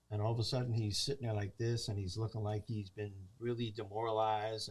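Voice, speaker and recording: Male movie reviewer, casual talk-show chat, animated storyteller who acts out the quotes. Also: lowish voice, husky. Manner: animated storyteller acting out characters' lines.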